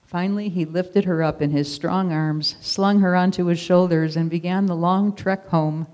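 Expressive children's story narrator. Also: mid-range voice, moderate pace. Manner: expressive read-aloud narration.

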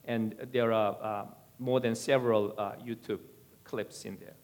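A man giving a sermon-style teaching in a measured, deliberate way. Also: fairly low pitch, steady tone, a little mellow.

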